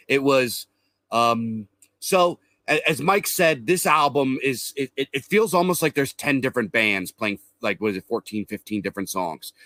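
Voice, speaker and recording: Bright-voiced man rambling through a review. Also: mid-range voice, no echo. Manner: rambling, lots of restarts and fillers; swears casually. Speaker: podcast co-host. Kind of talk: casual review chat.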